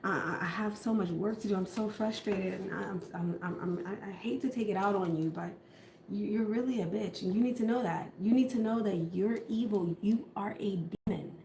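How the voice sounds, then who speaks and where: A woman's voice: medium pitch, mellow, slight background noise, close to an everyday voice. Woman putting on a controlling, abusive man. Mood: coaxing, manipulative. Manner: profane, blaming, self-pitying rants. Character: controlling abusive man, grown partner, manipulative. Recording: roomy echo.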